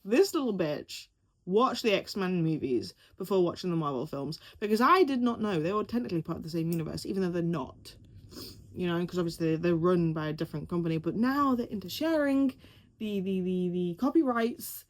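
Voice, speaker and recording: A young woman vlogging at home, reacting to a film trailer in an excitable, rambling way, stumbling over words and swearing casually. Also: on the low side, a little fast.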